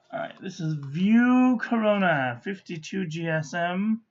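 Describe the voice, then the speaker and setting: A woman's voice: on the low side, animated, unhurried, a little mellow, slight background noise. A woman reviewing ink on paper in a casual chat, listing short verdicts with chatty asides. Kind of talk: casual hands-on review narration. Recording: slightly muffled lo-fi recording.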